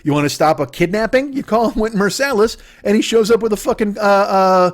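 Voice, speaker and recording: A man's voice: high-pitched, fairly quick. A man in his forties, a podcast host, delivering a rambling, profane comedic monologue that jumps from tangent to tangent. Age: 40s.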